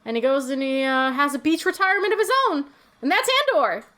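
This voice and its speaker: A woman co-hosting a casual podcast, recapping a show in loose, profane talk full of "um" and "like." Her voice sits fairly high, and she slips into quick snippets of the characters' lines as she goes. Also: lively intonation, pushed and bright. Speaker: podcast co-host. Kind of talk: casual chat recapping a TV episode.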